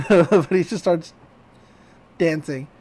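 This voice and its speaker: A podcast host in a casual recap of a cartoon episode, animated and often laughing, slipping into quick character voices. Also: mid-range voice, slightly rough.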